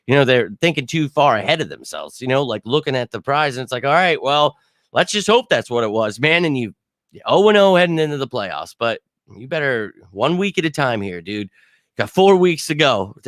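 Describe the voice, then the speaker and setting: A man's voice: medium pitch, a bit bright, no echo, studio quality. A man hosting a livestream postgame reaction show, frustrated and swearing as he reads chat comments. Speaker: sports fan show host.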